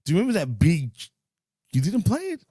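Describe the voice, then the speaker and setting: A man co-hosting a wrestling podcast in a loose, excitable way, throwing in dude and bro and the odd swear. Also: a little high, brisk, husky, no room sound, studio quality. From Greek heritage. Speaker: podcast co-host. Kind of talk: casual wrestling chat.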